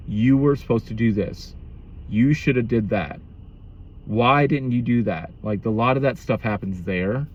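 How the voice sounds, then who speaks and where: On a muffled recording, a man in his thirties with a lowish voice reflects candidly on marriage in a monologue. He's blunt and profane, often restarting his sentences.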